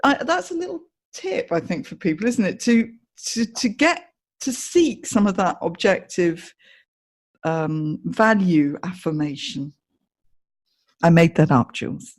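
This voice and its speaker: In a casual interview on her podcast, a middle-aged woman talks unhurriedly and animatedly in a low-ish voice. Fillers and restarts come up often as she chats.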